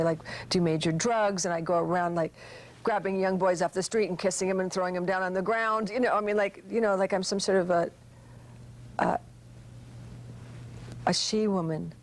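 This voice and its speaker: A woman's voice: fairly low pitch, rough recording. A woman actress giving a casual interview, rambling and chatty with many fillers.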